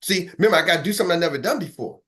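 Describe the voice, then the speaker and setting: A man's voice: high voice, lively intonation, rapid-fire, sharp tone. A man coaching in a motivational talk, streetwise and emphatic, repeating phrases for rhythm. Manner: acts out phone calls. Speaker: business coach.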